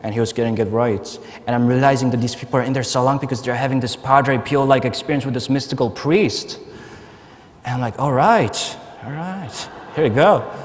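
A man giving a personal testimony at a conference, telling his story in a lively way and laughing often. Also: medium pitch, a little fast. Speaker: conference speaker. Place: large conference hall. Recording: long hall reverb, faint noise.

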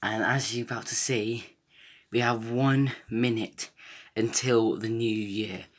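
A young man hosting a casual vlog, out of breath and excited, rambling with restarts. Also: fairly low pitch, slow pace. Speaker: gaming YouTuber.

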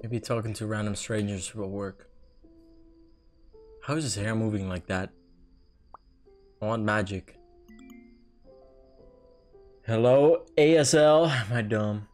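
A young man doing casual game commentary, mocking and swearing often in a deadpan way. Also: fairly low pitch, slow, pauses often, faint music behind. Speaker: gaming youtuber.

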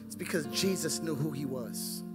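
A male pastor preaching a fervent sermon, swinging between loud exclamations and hushed asides. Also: fairly high pitch, normal speed, over music.

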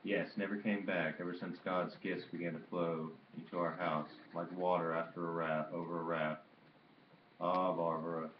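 A man's voice: deep voice, flat delivery, normal speed, noisy background, natural voice. A man reading the part of a bitter, angry old grandfather who mutters and rants, in a dull, roomy recording. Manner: muttering, ranting complaints.

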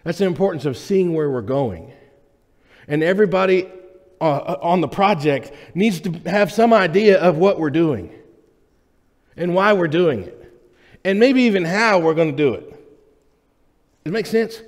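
Fairly high-voiced pastor preaching. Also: male voice, animated, unhurried, pauses often. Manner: conversational, joking, checks in with the room. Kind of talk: sermon. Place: church sanctuary. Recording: reverberant church hall.

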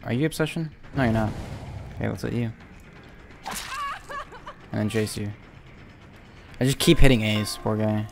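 A young man giving chatty, casual commentary while playing a video game, talking to himself and sometimes breaking into excited yells. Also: lowish voice, vocal fry. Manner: chatty, self-talking, bursts into excited yelling. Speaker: gaming YouTuber.

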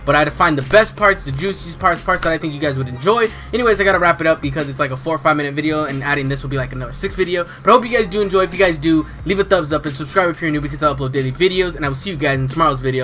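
A man giving gameplay commentary as a gaming YouTuber, cursing and yelling in frustration. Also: fairly high pitch, very fast, faint music behind.

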